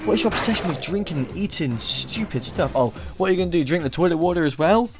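Excitable young gamer, game music behind. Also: male voice, on the high side, fast talker. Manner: excitable, mocking, laughs often. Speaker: gaming YouTuber. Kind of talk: let's play commentary.

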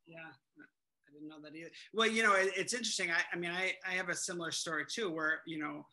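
A man's voice: sits high, fast, sharp tone. A man interviewing a parish musician, asking brief questions and offering short encouraging replies. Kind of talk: casual interview.

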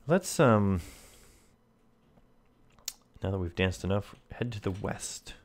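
A man's voice: fairly low pitch, lively intonation, slow, slight background noise. A man playing a text adventure, reading the game text aloud and making wry asides to himself. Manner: reads game text and comments wryly to himself. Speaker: let's player.

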